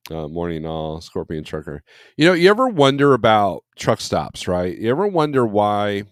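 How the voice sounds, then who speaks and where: A man's voice: fairly low pitch, big pitch swings, moderate pace, no room sound, clean studio sound. A man who drives trucks, hosting a casual morning livestream, reading viewer comments aloud and rambling in a blunt, conversational way with many fillers. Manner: blunt and opinionated when griping.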